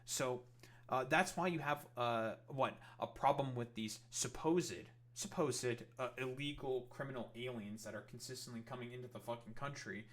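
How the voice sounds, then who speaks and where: A man's voice: medium pitch, normal speed, a bit bright. Profane rambling male commentator. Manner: profane, rambling with many fillers. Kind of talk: ranting reaction commentary.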